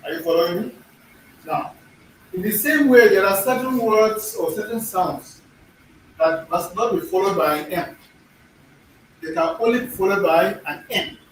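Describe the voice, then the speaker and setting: Guy teaching a class, pretty high voice, far from the mic, faint hum behind. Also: moderate pace, long pauses. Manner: repeats himself, checks understanding often. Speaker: language teacher. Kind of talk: classroom lesson. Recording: echoey room, distant mic, faint noise.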